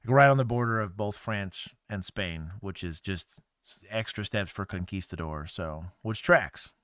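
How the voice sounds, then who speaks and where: A man's voice: low voice, unhurried, dry recording, clean studio sound. A man from Texas, a former police officer co-hosting a casual livestream, who tells stories with frequent laughter. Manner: laughs often, animated storytelling with put-on quotes.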